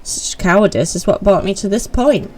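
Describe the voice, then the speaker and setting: A woman's voice: medium pitch, moderate pace, a little mellow, faint music behind, voice pushed up, close to an everyday voice, poor audio. A woman voicing a self-pitying young noble man, delivered in a theatrical, overwrought way. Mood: dramatic.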